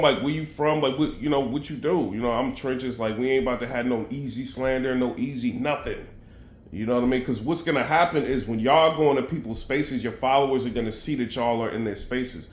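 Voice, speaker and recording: A man's voice: medium pitch, reverberant. A man giving casual commentary straight to his viewers, heavy on "you know what I mean" and loose asides. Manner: conversational, filler-heavy, addresses viewers directly. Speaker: battle rap commentator.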